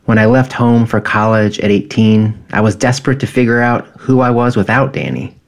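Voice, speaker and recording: Low-voiced man reading a personal essay. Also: creaky. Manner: quiet, measured, reflective.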